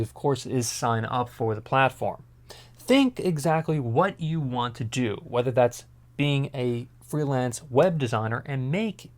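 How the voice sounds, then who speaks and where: Rambling male vlogger, middle pitch. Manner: rambling, full of fillers and restarts. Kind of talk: casual talk to camera.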